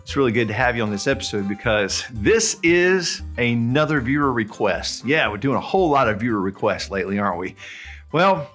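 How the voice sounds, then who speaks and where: A man with a Southern US accent gives a casual video lesson. He sounds friendly and chatty, at a mid pitch for a man, and slows down to spell out each example. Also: lively intonation, fairly bright tone, faint music behind. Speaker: Spanish tutor.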